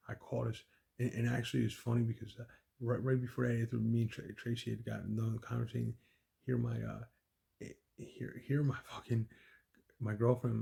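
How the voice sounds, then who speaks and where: A man's voice: medium pitch, gravelly, a little mellow, breathy edge. A man telling a rambling personal story, profane and repetitive, with many restarts. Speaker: son recounting his mother's death.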